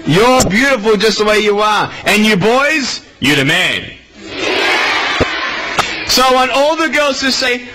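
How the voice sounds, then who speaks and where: Australian man, motivational speaker for kids, high lively voice, playful quizzing, noisy hall recording. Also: moderate pace, a loud crowd. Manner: animated, playful, questions the audience. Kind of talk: speech to schoolchildren. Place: school hall with a child audience.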